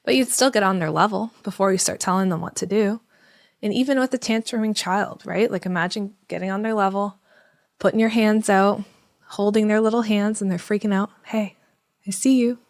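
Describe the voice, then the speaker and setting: Dry and close, this woman speaks at a middle pitch with no room around her. She explains parenting steps conversationally, slipping into a soft, soothing voice as she plays out what a calm parent would say to a child. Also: fairly quick, dry recording. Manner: acts out parent-child dialogues in a gentle soothing voice. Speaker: parenting educator.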